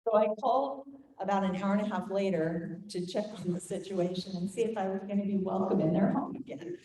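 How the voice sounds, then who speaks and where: An older woman teaching a group, telling a family story in an animated way and acting out voices. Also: mid-range voice, a little fast. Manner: animated, acts out quoted voices. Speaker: Bible study teacher. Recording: echoey room, faint noise.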